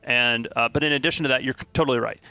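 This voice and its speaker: A game developer man explains an update with loose, enthusiastic rambling. His voice has a gravelly, bright edge. He fills gaps with plenty of ums. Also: medium pitch, fairly even intonation, racing. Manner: enthusiastic, filler-heavy explaining. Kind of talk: casual livestream chat.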